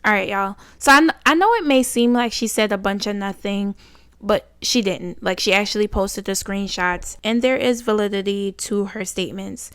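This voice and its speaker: Blunt, smooth-voiced woman reacting to texts. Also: medium pitch, moderate pace, no room sound. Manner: blunt, exasperated, rising loud when indignant. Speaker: reaction channel host. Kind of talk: casual commentary reading text messages.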